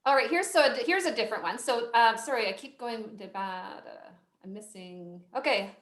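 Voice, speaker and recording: A woman's voice: on the high side, lively intonation, fairly quick, fairly bright tone. A woman moderating a video call workshop, reading out audience questions in a friendly, chatty, sometimes apologetic way. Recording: roomy video call audio.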